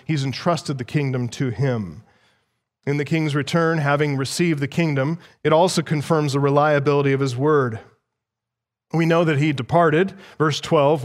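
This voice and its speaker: A man's voice: on the high side, long reverb tail. A man preaching an expository sermon, teaching through a passage verse by verse and putting questions to his listeners. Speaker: pastor.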